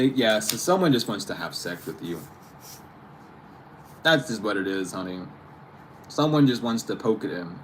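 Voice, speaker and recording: A man's voice: fairly low pitch, lively intonation, moderate pace, pauses often, slight background noise. Chatty laughing man giving a tarot reading. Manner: chatty, laughs often, slangy asides. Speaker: tarot reader. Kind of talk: casual spiritual reading to camera.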